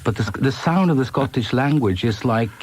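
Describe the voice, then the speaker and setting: A Swedish man in his fifties, a musician chatting in an interview in a relaxed, joking way with many restarts. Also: medium pitch, moderate pace, slight background noise. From Sweden. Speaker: musician guest. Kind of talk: casual interview chat.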